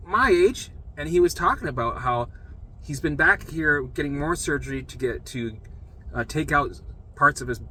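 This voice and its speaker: Bright-voiced man telling a blunt story. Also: mid-range voice, a little hiss or hum. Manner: blunt, swears freely, acts out voices of others. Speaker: storyteller sharing his recovery. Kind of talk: casual personal story.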